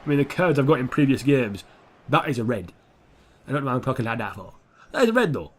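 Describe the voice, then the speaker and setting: A man's voice: medium pitch, fast talker, a little hiss or hum. Sweary young man commentating a game. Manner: sweary, excitable, swings between mutters and shouts. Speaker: gaming YouTuber. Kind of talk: gameplay commentary.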